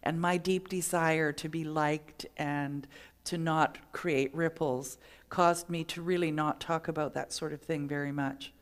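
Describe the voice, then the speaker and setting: A woman's voice: sits low, steady tone, a little slow. A middle-aged woman minister giving a sermon, telling stories and acting out the voices in them. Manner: storytelling, acts out quoted voices.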